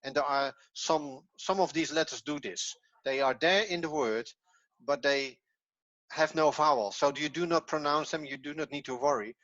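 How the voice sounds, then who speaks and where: A man teaching a Hebrew class online, patient and encouraging, often pausing and restarting. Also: fairly high pitch, fairly bright tone, no room sound. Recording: dull, lo-fi, dry.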